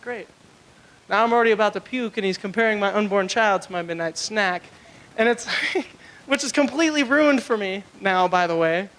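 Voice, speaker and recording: A young man works through a crude stand-up set on a club stage, his voice pitched high. He rambles and leans hard on filler words between punchlines. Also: normal speed, a bit bright. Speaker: stand-up comedian. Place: comedy club stage, live.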